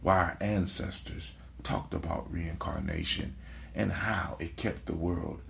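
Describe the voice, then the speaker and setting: Deep gravelly man giving a slow pep talk. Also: fairly even intonation. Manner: preachy, repeats lines, asks "right?". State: sleepy, yawning. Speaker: podcast host. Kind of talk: casual motivational talk.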